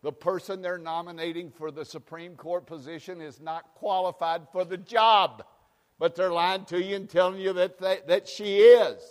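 Pastor, male, high voice, impassioned sermon delivery that runs hushed to shouting, long church reverb. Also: fairly even intonation, moderate pace. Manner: fiery, swings from hushed to shouting. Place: church sanctuary.

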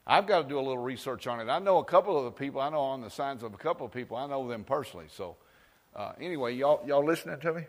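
Preacher, man, folksy sermon storyteller, mid-pitched, recorded with long hall reverb. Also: lively intonation, very fast. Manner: folksy storytelling, asks the crowd for amens.

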